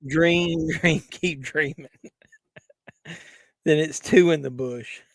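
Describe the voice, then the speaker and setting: A man's voice: a little high, takes it slowly, dry recording. Man cracking crude jokes on a livestream. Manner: laughs at his own jokes, teasing. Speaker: livestream host. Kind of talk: crude joking chat with live viewers.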